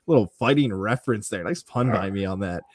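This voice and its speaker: A man's voice: on the low side, expressive, fairly quick, dry recording. A man hosting a sports radio show, giving a confident, punchy rundown of the team and reading ads. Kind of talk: sports analysis and ad reads.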